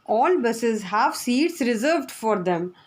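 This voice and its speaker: A woman's voice: on the high side, lively intonation, slow pace, darkish tone. A woman teacher, giving a lesson to children and spelling words out letter by letter.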